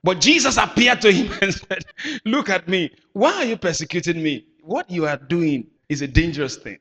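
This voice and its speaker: A man preaching a sermon with emphatic bursts, shouting at times and calling on the congregation to answer back. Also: high-pitched, expressive, normal speed. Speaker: pastor. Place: church hall. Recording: echoey hall.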